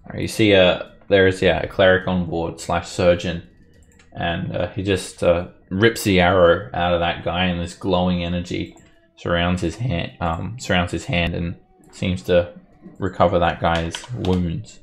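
A man's voice: deep voice, little pitch movement, measured pace, creaky. A man running a tabletop game as game master, narrating casually with chuckles and fillers.

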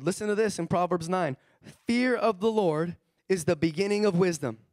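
A man preaching a sermon as pastor, animated and acting out the voices of the people he describes. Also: sits high, dry recording, clean studio sound. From California. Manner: animated, acts out quoted voices.

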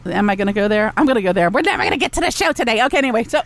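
A high-pitched woman rants on her own podcast, blunt and profane. She throws sarcastic asides to her listeners in the chat room. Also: expressive, very fast. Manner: talks back to a chat room. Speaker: podcast host. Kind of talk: ranting solo podcast talk.

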